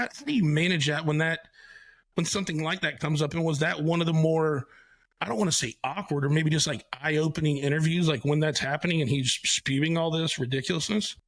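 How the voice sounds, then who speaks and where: A man hosting a podcast, telling stories in a casual, animated way, swearing freely. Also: a little high, no room sound. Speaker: podcast host. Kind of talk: casual storytelling chat.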